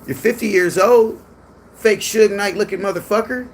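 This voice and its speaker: A man's voice: sits high, moderate pace, voice pushed up. A man voicing a mocking adult man who taunts and insults a rival. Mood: taunting. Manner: sneering, insulting.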